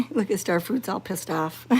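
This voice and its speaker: Slow-talking woman cooing at cats. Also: mid-range voice, breathy edge. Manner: chatty, excited and fond, with soft coos to the cats. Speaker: cat sanctuary vlogger. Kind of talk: casual chat to viewers while petting cats.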